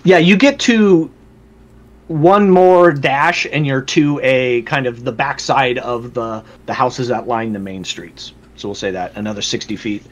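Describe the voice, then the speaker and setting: A man's voice: mid-range voice, unhurried, highs cut off. Man running a tabletop game. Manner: loose, filler-heavy narration. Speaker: game master.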